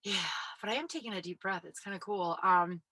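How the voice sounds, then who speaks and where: Woman, breathy, winded, chatty rambling host, crisp bright tone, dead-dry closet sound. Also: mid-range voice, lively intonation, brisk, no echo, poor audio. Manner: chatty, full of "like" fillers. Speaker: podcast host. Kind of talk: casual rambling monologue. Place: small closet.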